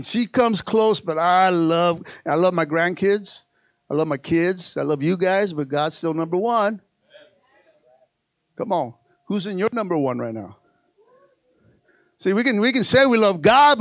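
A man's voice: high-pitched, a bit bright, dry recording. An older man preaching a sermon to his church, calling out to the congregation and repeating phrases. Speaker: pastor.

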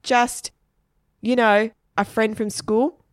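A woman's voice: slow, smooth, no room sound, studio quality. Woman doing a flustered schoolgirl. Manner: excited, higher and louder than the narration. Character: eager schoolgirl with a crush, flustered.

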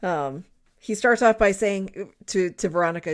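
A woman's voice: on the low side, moderate pace, vocal fry. A woman in her forties, co-hosting a casual sports podcast, chatty with laughing asides. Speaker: podcast co-host. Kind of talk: casual chat.

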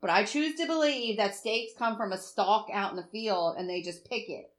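Woman, podcast co-host, mid-range voice, animated and outspoken. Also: mid-range voice, normal speed. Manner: animated, exclaiming and swearing. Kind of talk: casual chat.

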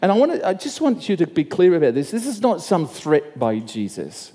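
A man's voice: high voice, big pitch swings, normal speed, hardly any pauses, dark tone, husky, big-room sound. A man preaching a sermon as pastor, conversational, repeating and restarting phrases and asking the crowd questions.

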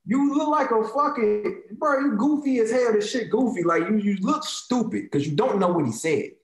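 A man's voice: high voice, lively intonation, moderate pace, roomy sound, low-quality recording. Fired-up man with an African American Vernacular English accent. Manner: heated, profane, emphatic, repeats phrases for emphasis. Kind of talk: casual opinionated rant.

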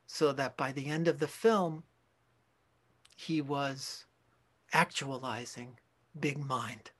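A Zen teacher giving a dharma talk, speaking in a slow, reflective way with pauses and self-corrections. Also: male voice, medium pitch, steady tone, a bit bright.

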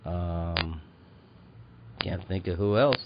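A man with a very low voice hosts a podcast in loose, casual chat. He rambles and hesitates, with plenty of fillers. The audio is dull and lo-fi, with a clear hiss of noise underneath. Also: takes it slowly. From Chicago. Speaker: podcast host.

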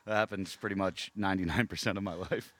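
A man co-hosting a casual comedy podcast, relaxed and easily amused, sometimes doing a mock sports-announcer call. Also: deep voice, fast, no room sound. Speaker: podcast co-host.

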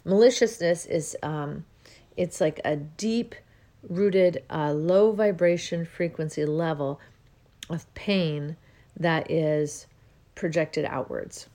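A woman host talking in a rambling, soft-spoken spiritual monologue, with many pauses and restarts. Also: deep voice. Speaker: podcast host.

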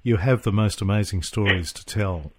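Low-voiced man interviewing slowly. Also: darkish tone, slightly rough. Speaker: radio interviewer. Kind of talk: interview question.

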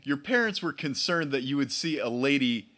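A man's voice: medium pitch, expressive, normal speed, sharp tone. A man co-hosting a podcast in casual chat, wry and joking, laughing often. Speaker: podcast co-host.

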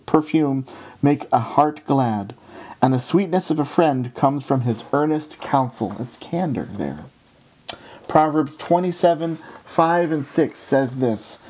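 Male preacher, earnest and steady, mellow low-bright tone. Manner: earnest, steady delivery, often quoting scripture and authors. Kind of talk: sermon.

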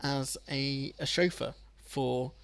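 A man's voice: mid-range voice, steady tone, takes it slowly, gravelly, clear, resonant tone. A man co-hosting a casual film podcast, rambling and hesitant with many fillers. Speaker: podcast co-host.

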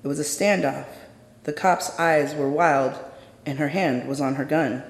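A man performing a dramatic personal story on a theater stage, in a measured, intense way with deliberate pauses. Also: fairly high pitch, steady tone, vocal fry. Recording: echoey hall with long reverb.

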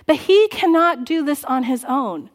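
A woman preaching a sermon in church, earnest and exhorting, dropping soft and low at times. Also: expressive, unhurried. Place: church sanctuary.

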